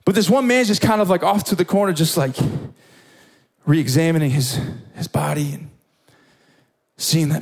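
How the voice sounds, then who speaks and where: A man's voice: fairly high pitch, moderate pace, long pauses. A young man preaching a sermon to young adults, telling a story with lots of energy and stammered repeats.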